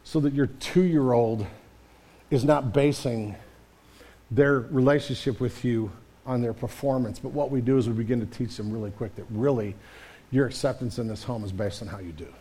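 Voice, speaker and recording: A man's voice: medium pitch, normal speed, dark tone, slightly rough. A man preaching a sermon to his congregation in a conversational way, often repeating words and throwing in "man" as he talks. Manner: repeats words and restarts mid-sentence. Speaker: pastor.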